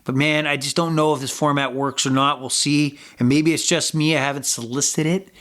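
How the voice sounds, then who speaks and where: A man's voice: on the high side, fairly even intonation, brisk, fairly bright tone. A man hosting a sports betting podcast, talking in a loose, rambling way with lots of fillers and casual swearing. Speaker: podcast host.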